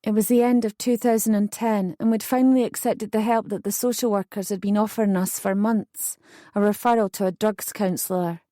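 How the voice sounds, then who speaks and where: A woman reading a first-person true story as an audiobook narrator, in steady, earnest scripted narration. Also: mid-range voice, fairly quick, no echo, clean studio sound.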